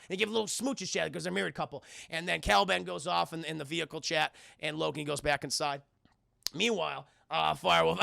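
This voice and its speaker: A man's voice: fairly high pitch, quick pace, vocal fry, bright, forceful tone, no room sound. A man streaming a film recap to his chat, acting out the characters' lines in between, with laughter and swearing. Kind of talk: animated scene-by-scene retelling to chat.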